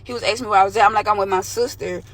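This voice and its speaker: A woman's voice: mid-range voice, steady tone, very fast. A young woman telling a candid, slangy story from her own life to the camera. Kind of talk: storytime vlog.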